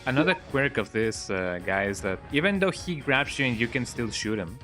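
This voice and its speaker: Guy streaming a game, chatty and rambly, lively ups and downs in his voice, game music loud behind him. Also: medium pitch, a little fast. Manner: relaxed, rambling, joking asides. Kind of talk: casual gameplay commentary. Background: game music and sounds.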